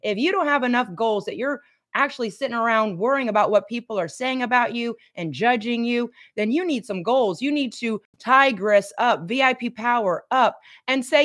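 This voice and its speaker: A woman's voice: fairly high pitch, animated, brisk, fairly bright tone. A middle-aged woman giving a motivational coaching talk on a livestream, emphatic and repeating key lines for effect. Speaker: fitness and life coach.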